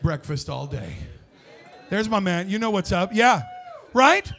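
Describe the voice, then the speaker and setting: A male stand-up comic on stage, ranting with profane, shouted punchlines. His voice sits high for a man. The tone is bright and cutting. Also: very animated, measured pace. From United States. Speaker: stand-up comedian. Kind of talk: stand-up comedy set.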